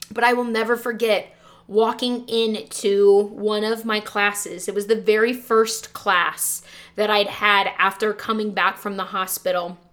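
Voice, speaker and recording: A woman teacher hosts her own podcast and speaks straight from the heart. She tells a personal story in a sincere, conversational way, letting her emotion show and filling gaps with a casual "like.". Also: mid-range voice. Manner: earnest, heartfelt, openly emotional; conversational with frequent "like" fillers.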